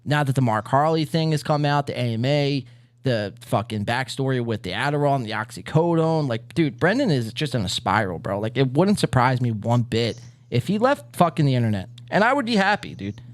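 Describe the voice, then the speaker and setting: A man's voice: mid-range voice, very animated, fairly quick, dry recording. A man hosting a podcast, chatting casually and mocking the clips he watches, brash and full of swearing. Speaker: podcast host. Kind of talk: casual chat reacting to clips.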